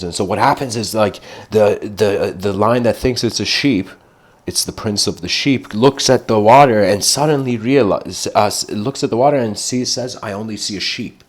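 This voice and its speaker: Male lecturer with a very low voice who rambles through a parable and clears his throat often. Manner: meandering storytelling, frequent throat clearing. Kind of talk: livestreamed philosophical lecture.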